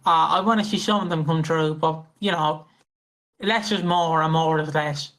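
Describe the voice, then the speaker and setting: A man co-hosting a casual podcast, rambling and excitable with heavy swearing. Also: a little high, moderate pace, rough recording. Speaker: podcast co-host.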